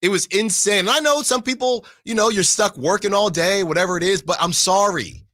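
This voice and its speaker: A man co-hosting a sports radio show, telling a long story in an animated way, acting out what people said and often repeating himself. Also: high voice, fairly quick, no room sound, clean studio sound. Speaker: sports radio fill-in host.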